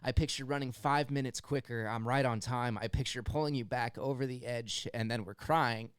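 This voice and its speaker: A young man from the United States hosting a music reaction, talking in an earnest, halting way and near tears as he breaks down a song. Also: medium pitch, steady tone, clean tone, no echo. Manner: earnest, halting, stumbles over words. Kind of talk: emotional song analysis.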